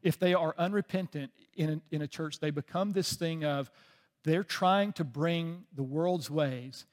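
A man preaching a sermon as pastor, telling a story with deep feeling and often dropping to a soft voice. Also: measured pace, in a large hall. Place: church sanctuary.

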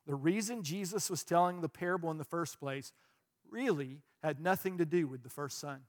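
A man preaching a sermon, stressing words loudly, then dropping quiet, and repeating phrases for emphasis. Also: a little high. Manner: emphatic, swings between loud stresses and quiet asides. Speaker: pastor.

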